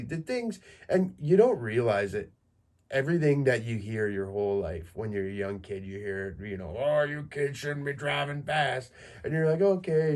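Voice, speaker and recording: A man in his thirties hosting a solo podcast, talking in a crude, rambling, joking way full of fillers. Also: medium pitch. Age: 30s. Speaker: podcast host. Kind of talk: solo casual monologue.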